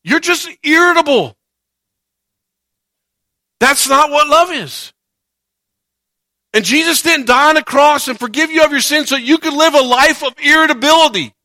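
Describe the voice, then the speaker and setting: A man's voice: very high-pitched, moderate pace, pauses often, sharp tone, dry recording, clean studio sound. A man preaching a sermon in a conversational way, rising to emphatic points and acting out the quoted voices of churchgoers. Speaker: pastor.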